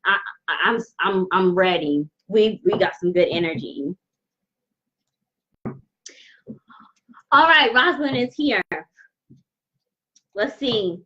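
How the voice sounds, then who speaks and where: A woman hosting a live intuitive tarot reading, talking straight to viewers in an earnest, halting way full of restarts. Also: mid-range voice, animated, a bit bright, lo-fi sound. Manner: halting, repetitive, with many restarts; earnest, addresses viewers directly. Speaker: tarot reader and host.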